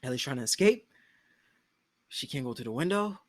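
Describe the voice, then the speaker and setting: A young man co-hosting a casual TV episode discussion, slangy and animated, often breaking into laughter as he retells scenes. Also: medium pitch, fairly quick, no echo. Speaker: podcast co-host.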